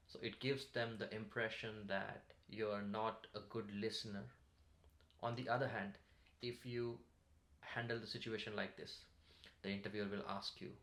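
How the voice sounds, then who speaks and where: A man coaching English speaking skills in a calm, measured tutorial to camera. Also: on the low side. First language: Marathi. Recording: roomy echo.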